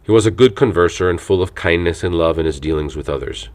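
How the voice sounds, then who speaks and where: A man reading an audiobook aloud in a measured, reverent manner. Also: low voice. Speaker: audiobook narrator. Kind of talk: scripted audiobook narration.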